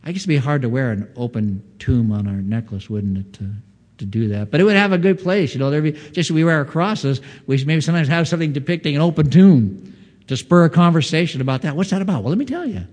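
A man's voice: on the high side, fairly quick, a little mellow. Man preaching in an echoing hall. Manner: earnest, teaching tone with rhetorical questions. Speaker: pastor. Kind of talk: expository sermon.

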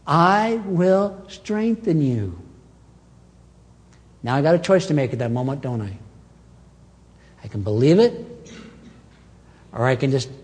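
Animated preaching man in a reverberant hall. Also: mid-range voice. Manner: animated preaching with dramatic swings in loudness and pace. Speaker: pastor. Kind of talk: sermon.

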